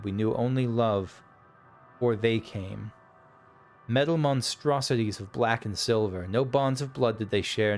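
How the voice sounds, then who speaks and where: A man's voice: medium pitch, natural voice. A man reading as mournful ancient ghost dragons. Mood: lamenting. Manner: slow, solemn archaic recitation.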